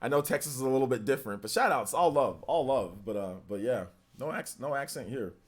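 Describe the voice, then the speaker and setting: Young guy, Northern Californian lilt, live stream host, easygoing and rambling, mid-pitched voice. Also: expressive, brisk. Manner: rambling, filler-heavy, easygoing. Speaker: livestream host. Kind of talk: casual live stream chat reading viewer comments.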